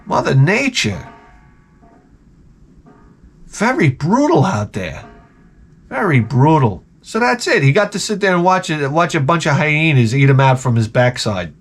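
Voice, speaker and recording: Profane rambling vlog host, a man with a high, very lively voice. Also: a little slow, long pauses, breathy edge. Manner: rambling and crude, with loud outbursts. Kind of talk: profane comic storytelling.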